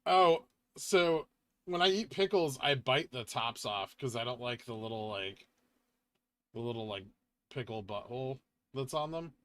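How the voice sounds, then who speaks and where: A man with a bright, forward tone hosts a casual livestream. He reads viewer questions aloud and answers them in a relaxed, tired way. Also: medium pitch, unhurried. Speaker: livestream host reading chat.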